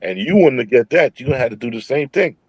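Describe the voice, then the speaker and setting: A man's voice: medium pitch, expressive, quick pace, a little mellow, slightly rough, no echo, rough recording. Emphatic man, dry close sound. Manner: emphatic, exhortative. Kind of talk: casual religious chat.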